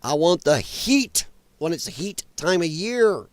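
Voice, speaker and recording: On a political livestream, a man rants bluntly and sarcastically, swearing freely and greeting chat viewers by name. His voice is on the high side and very animated yet unhurried, captured in a dry recording.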